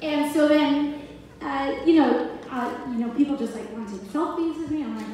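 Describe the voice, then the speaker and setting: A young woman from the Bronx, New York, a political candidate, speaks off the cuff to a crowd at a rally in an indoor event space. High-voiced and moderately paced, she's chatty, says "like" constantly, restarts often and laughs easily. The echoey hall is recorded from far off with loud crowd noise.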